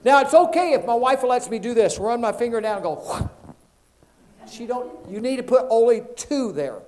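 High-voiced animated preacher man. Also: normal speed. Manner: animated preaching, acting out Bible scenes, calls for amens. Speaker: pastor. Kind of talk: sermon.

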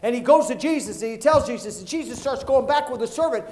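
High-voiced animated preacher man. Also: fast, hardly any pauses. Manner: animated preaching, acting out Bible scenes, calls for amens. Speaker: pastor. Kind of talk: sermon.

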